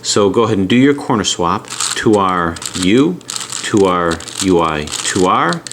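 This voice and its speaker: A man's voice: deep voice, very animated, measured pace, background noise. A middle-aged American man talking casually as he explains and unboxes puzzles. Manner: chatty, talks while handling puzzles. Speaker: puzzle channel host.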